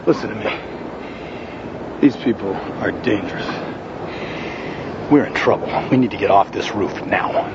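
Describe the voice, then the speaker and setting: A man in a film scene, speaking low and urgent. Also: a little slow, long pauses, muffled recording, very noisy. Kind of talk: film dialogue.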